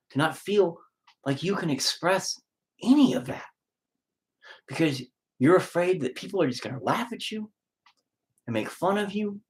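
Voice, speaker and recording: Heated, swearing man ranting with feeling. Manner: heated, profane, swings between loud outbursts and low mutters; emotional, close to tears at times. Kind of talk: unscripted rant to camera.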